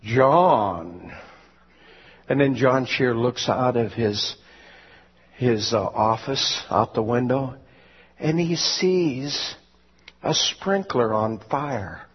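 Husky preacher man telling a story in a sermon, slow-ish, lo-fi sound. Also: mid-range voice, in a large hall. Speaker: pastor. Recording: dull lo-fi sermon recording.

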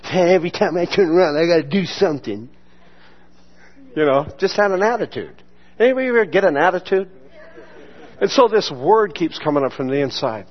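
A storytelling pastor with a voice pitched a little above most men's, working through a personal testimony from the pulpit. He drops into the voices of the people he quotes and laughs often. The recording sounds dull and lo-fi. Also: expressive, brisk, long pauses. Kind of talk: sermon testimony. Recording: muffled lo-fi sermon recording.

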